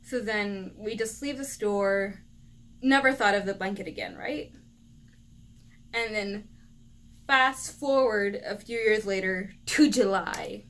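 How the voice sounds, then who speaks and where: A young woman vlogger animatedly retelling a personal story, lively and laughing often. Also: medium pitch, slow pace, pauses often.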